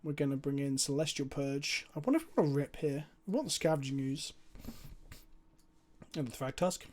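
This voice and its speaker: A young man streaming a card game, talking through his plays and chatting with viewers in an animated, foul-mouthed, self-mocking way. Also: a little high, moderate pace.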